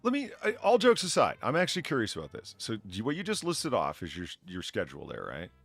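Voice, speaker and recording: Animated joking podcast host, man. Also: mid-range voice, quick pace, creaky, faint music behind. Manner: jokey, laughs at his own jokes. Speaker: podcast host reading donations. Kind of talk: casual chat.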